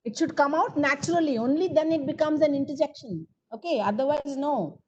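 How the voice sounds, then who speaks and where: A woman's voice: high voice, brisk, a little mellow, dull audio. A woman with an Indian English accent teaching grammar in an online coaching class, coaxing her students to answer her questions. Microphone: video call.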